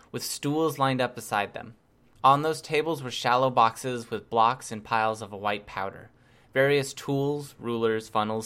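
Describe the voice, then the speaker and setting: A man narrating a first-person novel chapter in a steady, measured reading voice. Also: medium pitch. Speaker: audiobook reader.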